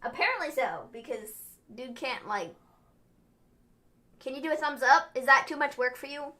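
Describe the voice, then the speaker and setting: A woman's voice: high voice, animated, normal speed, sharp tone. A young woman co-hosting a casual livestream recap, giggling often and teasing, trailing off into fillers. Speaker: wrestling livestream co-host.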